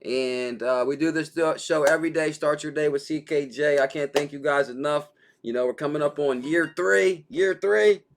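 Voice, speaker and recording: A man's voice: a little high, normal speed. A man hosting a daily crypto livestream, chatting casually and reading out viewer comments, with a laid-back, slangy manner and easy laughter.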